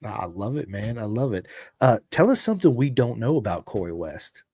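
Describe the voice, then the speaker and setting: A man with a Southern American country accent hosting a podcast, telling stories in an animated, casual way. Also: medium pitch, moderate pace, husky, dry recording. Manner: animated storyteller, says dude and bro a lot. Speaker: podcast host. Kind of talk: casual chat.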